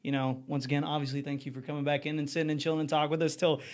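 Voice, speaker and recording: Male podcast host, high pitch, easygoing chatter. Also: level tone, rapid-fire. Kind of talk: casual chat.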